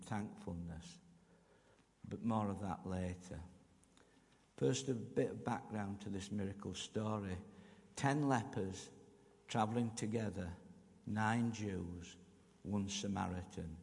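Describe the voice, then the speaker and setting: A man preaching a sermon on a gospel reading, slow and measured, pausing for emphasis. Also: fairly low pitch, creaky, a little mellow, long reverb tail.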